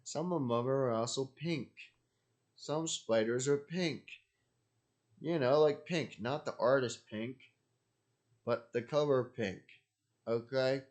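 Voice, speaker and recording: A man's voice: mid-range voice, slow pace, long pauses. A man hosting his own channel, talking casually in a rambling, jokey way and repeating himself often. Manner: repetitive, jokey, digressive. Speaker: channel host. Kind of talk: casual rambling solo talk.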